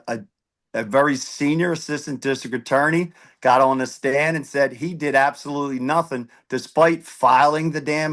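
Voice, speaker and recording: A man's voice: mid-range voice, a bit bright. A man speaking as a candidate at an online forum, giving an emphatic debate answer and repeating key words. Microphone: video call.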